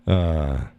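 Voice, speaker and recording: A man's voice: rumbling low, narrow, tinny audio. A man hosting a live stream, chatting casually and reading the chat, folksy and easygoing, often repeating his own phrases.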